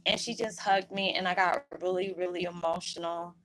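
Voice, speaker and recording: A woman's voice: fairly low pitch, fairly even intonation, moderate pace, fairly bright tone, rough recording. A woman vlogger talking to her viewers in a rambling, heartfelt way, emotional and holding back tears. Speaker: spiritual vlogger. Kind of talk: heartfelt casual monologue to viewers.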